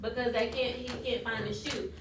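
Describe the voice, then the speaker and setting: A woman teaching a class of children, coaxing answers with questions, recorded from far off in an echoey classroom with loud noise. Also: a little high, steady tone, moderate pace.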